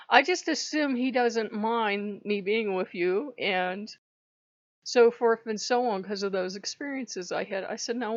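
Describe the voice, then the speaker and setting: A woman's voice: mid-range voice, dry recording, highs cut off. A woman hosting a casual storytelling vlog, chatty, laughing often and acting out bits of dialogue. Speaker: channel host.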